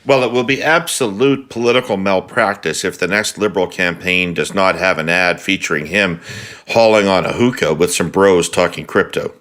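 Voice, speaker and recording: A man's voice: sits low, normal speed, a bit bright. A man hosting a podcast, speaking bluntly and emphatically in a casual political discussion. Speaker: podcast host.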